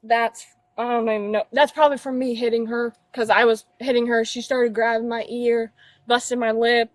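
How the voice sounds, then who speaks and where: A nineteen-year-old woman tells a police officer about a fight, emphatic and upset, with blunt swearing. Her voice sits on the high side and sounds dry, caught outdoors on an officer's body camera. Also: flat delivery, normal speed, dry recording, rough recording. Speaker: witness in a police call. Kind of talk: agitated recounting of a fight. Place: outdoors at a residence.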